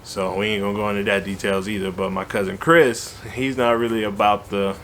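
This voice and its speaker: A man tells a story in an animated, slangy, conversational way. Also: lowish voice, brisk, a little hiss or hum. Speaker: vlogger. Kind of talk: casual storytelling.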